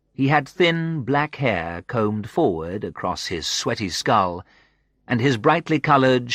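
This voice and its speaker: A man slowly reading a story aloud for English learners in a clear, expressive manner. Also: mid-range voice, no echo, clean studio sound. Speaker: narrator.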